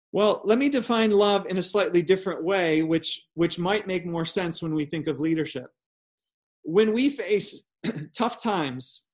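Male pastor, high-pitched, preaching: emphatic, rhetorical, sinks low on key points. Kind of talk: sermon.

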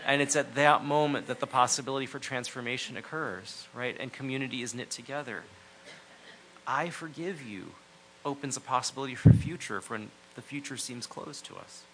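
A man preaching a sermon, earnest and reflective, often dropping to a near hush to stress a point. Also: medium pitch, fairly quick, hardly any pauses, poor audio. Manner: earnest, reflective, drops to near-hushed phrases for emphasis.

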